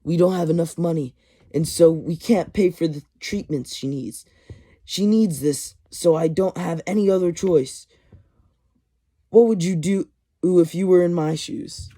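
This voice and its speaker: Guy doing a desperate villain begging about his sick wife, voice pushed up higher and louder. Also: big pitch swings, moderate pace, husky, full character voice. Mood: pleading. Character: desperate male supervillain pleading for his dying wife.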